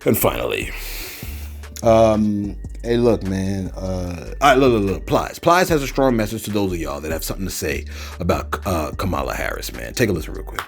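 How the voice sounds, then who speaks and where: A man's voice: sits low, very animated, moderate pace, gravelly, soft background music. A man hosting a commentary video, talking loosely, repeating words and tagging lines with "man". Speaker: commentary channel host. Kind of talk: casual spoken commentary.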